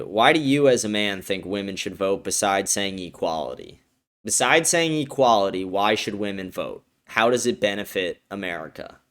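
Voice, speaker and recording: A man's voice: sits low, a bit bright. Profane ranting young male streamer. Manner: heated, profane, blunt rant with many fillers. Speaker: livestream host. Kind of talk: ranting political commentary stream.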